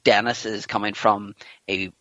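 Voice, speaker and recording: A man's voice: fairly low pitch, level tone, a little slow, bright, forceful tone, dry recording. A man talking as a podcast guest in casual chat, rambling with lots of "you know" and restarts. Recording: dull lo-fi dry recording.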